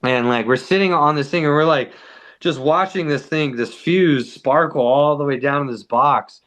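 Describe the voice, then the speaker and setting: A podcast guest with a fairly high-pitched voice and moderate pace spins a wild tale, casual and swearing freely. He's animated, and "like" shows up in almost every sentence he says.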